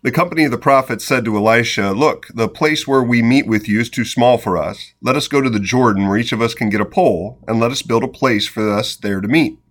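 A man reading scripture aloud in an unhurried, reflective way, pausing for short spontaneous comments and prayer. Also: medium pitch. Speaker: devotional Bible reader. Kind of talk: scripture reading with devotional asides.

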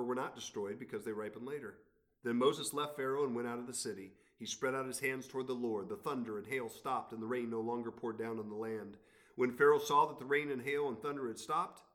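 An earnest male Bible teacher works through scripture, reading passages aloud and adding his own commentary. His voice sits in an ordinary middle register, and his delivery is steady and expository. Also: medium pitch.

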